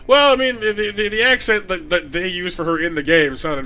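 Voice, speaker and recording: A man's voice: high voice, a little fast, hardly any pauses, pushed and bright, faint music behind. A man streaming a game live, chatting casually to viewers with stammering restarts and light chuckles.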